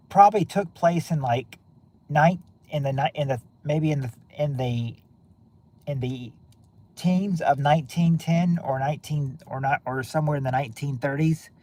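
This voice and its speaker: A man of middling pitch hosting a relaxed game-night stream. He talks loosely to his viewers, trailing off and circling back mid-sentence. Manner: rambling, many restarts and fillers. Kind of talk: casual chat with viewers.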